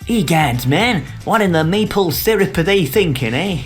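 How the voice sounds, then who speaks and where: A man's voice: high-pitched, expressive, moderate pace, soft background music, pitched above the performer's own voice. A man voicing an indignant, blustering rich Canadian businessman in a put-on Canadian accent. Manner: blustering, ending lines with "eh".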